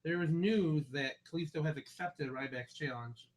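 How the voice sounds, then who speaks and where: A man's voice: a little high, moderate pace, dull audio. A man co-hosting a casual wrestling podcast, answering with short, dry quips. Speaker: podcast co-host.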